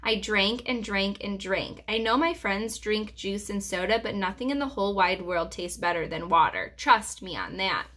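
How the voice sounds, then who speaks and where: A preschool teacher reading a chapter book aloud to children in a gentle, reassuring storyteller's manner. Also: female voice, medium pitch, normal speed, few pauses.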